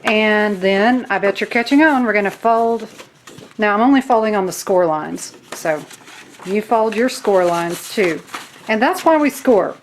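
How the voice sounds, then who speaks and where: A woman's voice: mid-range voice, lively intonation, measured pace, a little hiss or hum. Chatty Southern woman teaching a craft. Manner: chatty, self-deprecating, talks to viewers while working. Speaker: crafting video host. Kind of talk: casual craft tutorial.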